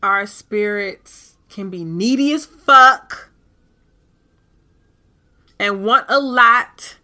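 Bright, candid woman podcast host. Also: a little high. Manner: animated and candid, with frequent cursing. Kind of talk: casual spiritual talk.

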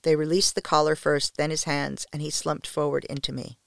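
Gravelly-voiced woman narrating softly. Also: deep voice, level tone, normal speed, no echo, clean studio sound. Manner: soft, intimate, often near a whisper. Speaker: podcast storyteller. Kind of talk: first-person story narration.

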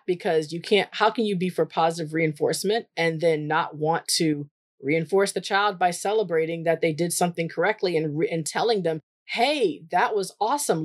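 A woman therapist telling a story from her work in a casual, animated way, leaping up in pitch when she quotes herself. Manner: chatty, animated, jumps high when quoting herself. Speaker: therapist for autistic children.

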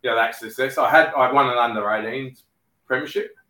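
A man's voice: medium pitch, fairly quick, sharp tone, recorded from a distance, slight background noise. A middle-aged man with an Australian accent, a guest talking easily and plainly in a casual chat. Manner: easygoing, plain-spoken. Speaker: guest, former footballer. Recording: roomy echo.

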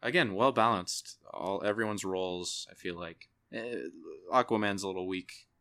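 A man's voice: on the low side, moderate pace, pushed and bright, no room sound, clean studio sound. A man co-hosting a casual movie podcast, laid-back and agreeable, often chiming in. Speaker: podcast co-host. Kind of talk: casual film review chat.

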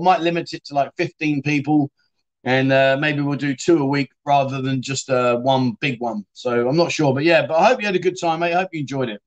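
A chatty man hosting a livestream, with a voice sitting a little high for a man. He rambles casually, drops in "mate" and reads out comments from viewers. The talk is loose and unscripted. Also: muffled recording. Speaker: livestream host.

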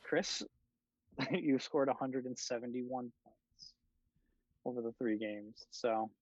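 A man's voice: mid-range voice, slow, no room sound. Laughing man on a muffled call. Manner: laughs often, swears casually. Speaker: podcast host. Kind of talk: casual chat. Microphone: video call. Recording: dull lo-fi sound.

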